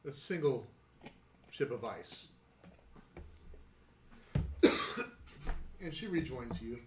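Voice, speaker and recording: Unhurried male game master. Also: mid-range voice, animated, a little mellow, a little hiss or hum. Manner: unhurried storytelling with fillers. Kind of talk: narrating a tabletop role-playing game. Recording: roomy echo.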